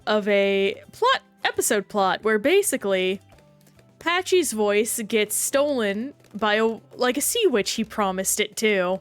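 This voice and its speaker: Slow-talking woman streamer. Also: medium pitch, animated, clean tone, faint music behind. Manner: chatty, rambling, reacts to game and chat. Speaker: game streamer. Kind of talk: casual live-stream chat while gaming.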